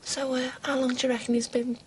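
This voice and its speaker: Woman playing a gossipy teasing busybody, highish voice, tv drama. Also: little pitch movement, quick pace, a little mellow, slight background noise, natural voice.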